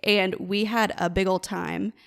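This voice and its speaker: A woman's voice: medium pitch, fairly even intonation, measured pace, creaky, clear, resonant tone. A woman co-hosting a podcast, a witch who runs a crystal shop, chatting in a playful, joking way. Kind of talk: casual chat.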